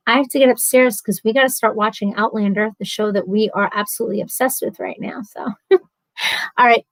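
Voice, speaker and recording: A woman's voice: fairly high pitch, no room sound, rough recording. A woman hosting a live stream from home, chatty and earnest, talking casually and openly at length. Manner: chatty and earnest, talks a lot.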